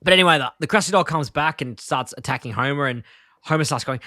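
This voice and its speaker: A man of middle pitch co-hosting a podcast, retelling scenes in a loose, chatty way and breaking into laughs as he quotes lines. The sound is dry and close, with no room around it. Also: a little fast, pushed and bright, no room sound. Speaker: podcast co-host. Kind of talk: casual chat recapping an episode.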